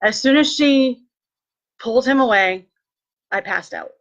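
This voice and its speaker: A woman telling a personal story in a lively way, acting out what people said and turning earnest when she speaks of faith. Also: a little high, measured pace, muffled recording. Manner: animated, acts out quoted dialogue. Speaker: vlogger sharing a personal testimony.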